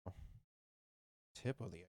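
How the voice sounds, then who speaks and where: A man chatting casually on a stream, halting and restarting as he talks. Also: crowd noise. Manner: halting, many fillers and restarts. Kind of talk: casual chat.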